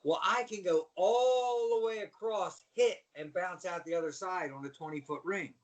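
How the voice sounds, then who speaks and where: A middle-aged man from Baltimore, a former wrestler, telling slangy, animated stories as a podcast guest. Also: sits high, normal speed, distant mic, highs cut off. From Baltimore, USA. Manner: animated storyteller, slangy, says "man" a lot. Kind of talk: casual storytelling interview.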